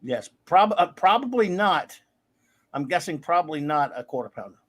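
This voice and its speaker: A man's voice: fairly high pitch, very animated, moderate pace, fairly bright tone. A man co-hosting a live stream, joking around and welcoming viewers by name in casual chat. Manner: jokey, greets viewers by name. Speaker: co-host of a live streamed show.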